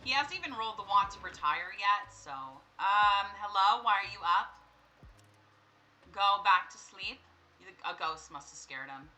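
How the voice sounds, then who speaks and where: Bright-voiced woman chatting over gameplay. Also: mid-range voice, animated, a little slow, slight background noise, poor audio. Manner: chatty, talks to her characters, bursts into startled laughing screams. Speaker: gameplay streamer. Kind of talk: casual let's-play commentary.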